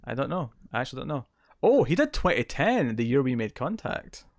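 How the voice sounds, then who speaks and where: A man's voice: medium pitch, very animated, brisk, gravelly, no echo, clean studio sound. A man co-hosting a podcast in casual chat, rambling and laughing often. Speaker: podcast co-host.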